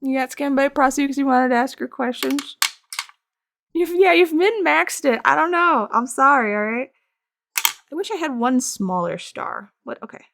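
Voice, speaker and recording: A woman's voice: high voice, animated, moderate pace, gravelly, fairly bright tone, a little hiss or hum. A woman streaming her art, chatting casually while she sculpts, rambling, laughing often and answering her chat. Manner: reads chat aloud and answers it.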